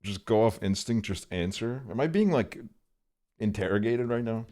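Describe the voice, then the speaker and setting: Young man, deep low voice, casual stream chat, profane and exasperated, faint background music. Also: lively intonation, normal speed, a little mellow.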